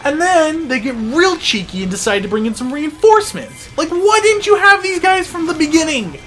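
An excitable, wisecracking gameplay commentator whose voice leaps around a wide, lively range. The delivery is casual and sarcastic, with frequent laughter. Faint game music plays underneath. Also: high-pitched, normal speed. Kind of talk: casual let's-play commentary.

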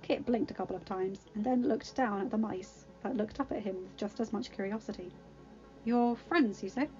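A woman's voice: medium pitch, a little fast, dark tone, lo-fi sound, soft background music. A woman reading a fan-written story aloud, narrating plainly and sometimes correcting herself. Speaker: reader.

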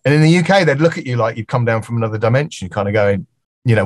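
A middle-aged English music producer, guesting on a podcast, talks freely in a medium-pitched voice at a quick pace, recorded dry. He's a lively storyteller who acts out the voices of the people in his stories during this casual conversation.

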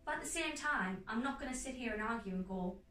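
Animated North East English actress, higher voice. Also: female voice. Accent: North East England. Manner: animated, emphatic, quick restarts. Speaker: actress, guest. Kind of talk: casual interview chat. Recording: echoey room, mic at a distance, faint music.

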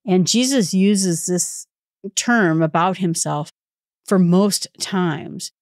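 A woman with a lowish voice leads a relaxed Bible study, walking through the passage in plain conversational terms. She talks it through with casual asides, heard dry and close with no room sound. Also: takes it slowly, no room sound. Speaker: Bible teacher. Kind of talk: informal Bible study talk.

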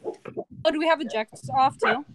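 A young woman chatting during an online game, playful and quick to question the others. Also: sits high, big pitch swings. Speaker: gaming channel host. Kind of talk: casual gameplay chat.

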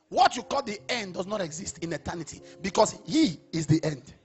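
This is a Nigerian man preaching with fire, his voice sitting very high and leaping around. He drops to near murmurs, then shouts his lines out. Soft music plays in the background. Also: lively intonation, fairly quick, slightly rough. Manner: impassioned, swings from low murmurs to shouting. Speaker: apostle preaching. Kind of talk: sermon.

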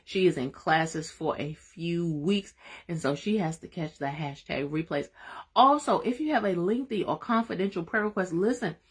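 Woman w/ running a live bible study, low husky voice, gets real fired up then prays soft. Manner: excitable, folksy and emphatic, turning to soft prayer.

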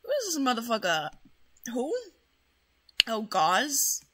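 A woman hosting a casual game stream, loud and excitable, swearing often and bossing her chat around. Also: a little high, slow pace. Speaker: streamer host.

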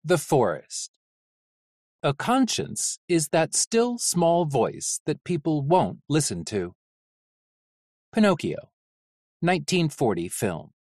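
Audiobook narrator, really animated reading, dry close mic. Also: mid-range voice, slow pace, pauses often, no echo. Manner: expressive, lively storytelling.

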